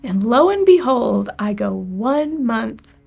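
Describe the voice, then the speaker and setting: A woman's voice: fairly high pitch, sing-song, slow, vocal fry, a little mellow, slightly rough, faint music behind. A woman in her forties sharing a personal testimony, candid and emotional, often dropping to a near-whisper. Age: 40s.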